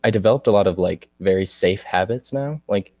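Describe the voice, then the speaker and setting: A man's voice: deep voice, fairly quick, a little mellow, no echo. A man co-hosting a podcast in casual chat, making dry, joking asides. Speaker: podcast co-host.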